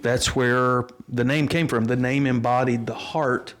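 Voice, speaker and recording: A middle-aged pastor with a drawl tells his story slowly and earnestly, picking up again after small restarts. His voice sits at an ordinary pitch for a man and sounds plain and natural. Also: fairly even intonation, a bit bright, a little hiss or hum. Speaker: pastor and interview guest. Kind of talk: storytelling in a casual interview.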